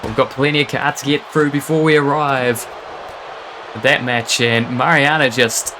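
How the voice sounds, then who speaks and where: A man calling a wrestling match live, excitable and quick to laugh and exclaim. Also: medium pitch, noisy background. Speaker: wrestling commentator. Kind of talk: live play-by-play commentary.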